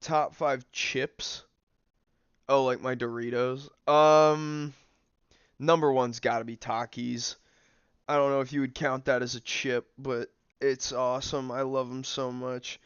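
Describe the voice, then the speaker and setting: A man's voice: medium pitch, flat delivery, measured pace, a bit bright, clean tone, dry recording, highs cut off. A young man streaming a game, chatting casually with lots of fillers while he snacks. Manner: rambling, filler-heavy, snacking while talking. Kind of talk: casual livestream commentary.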